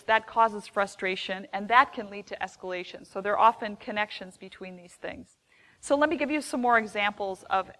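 A woman counselor giving a live seminar to an audience, conversational and expressive. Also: medium pitch, poor audio. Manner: expressive, acts out quoted phrases; conversational with small restarts.

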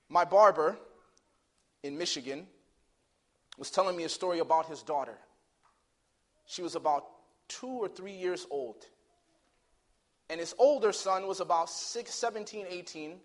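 A man preaching a sermon, dramatic, swinging from loud declaiming to hushed near-whisper, telling stories with acted voices. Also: high-pitched, a little slow, pauses often.

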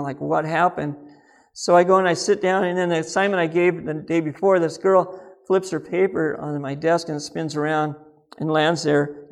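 A middle-aged man giving a conversational sermon, telling a personal story in an earnest, folksy way with soft asides. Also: a little high, gravelly. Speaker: speaker on Christian living.

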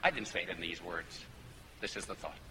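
A man's voice: low voice, fairly quick, pushed and bright. A man preaching a fervent sermon that builds to emphatic peaks. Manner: fervent, rising to emphatic climaxes. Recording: hall reverb with faint noise.

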